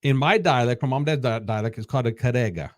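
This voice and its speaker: A man in his fifties, a podcast guest, telling casual stories in a halting way that repeats words. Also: mid-range voice, no echo, clean studio sound. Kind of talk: casual storytelling.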